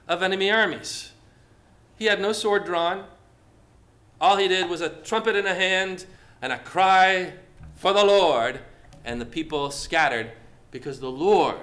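A man preaching a sermon, building from quiet passages to loud, forceful declarations of faith. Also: fairly high pitch. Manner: dramatic, swings between quiet and loud declarations.

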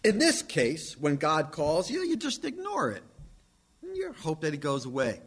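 Animated high-voiced male preacher. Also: moderate pace, breathy edge. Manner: emphatic preaching, swings from loud to hushed. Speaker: pastor. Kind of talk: sermon.

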